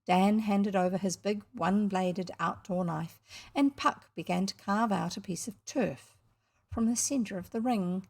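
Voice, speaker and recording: A woman with a New Zealand accent reading a storybook aloud, gently stopping to explain words to young listeners. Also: mid-range voice, unhurried.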